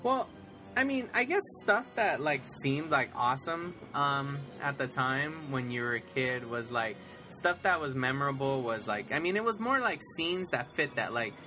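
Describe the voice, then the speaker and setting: Excitable rambling man, bright lively voice. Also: medium pitch, normal speed, soft background music. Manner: rambling, excitable, laughs often, bursts into put-on voices. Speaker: podcast co-host. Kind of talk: casual chat.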